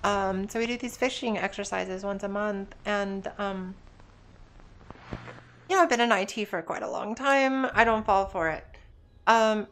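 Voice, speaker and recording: A woman's voice: medium pitch, measured pace, fairly bright tone, slight background noise. A woman chatting casually while she streams a game, rambling and joking as she plays. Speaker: let's play streamer. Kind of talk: casual chat while gaming.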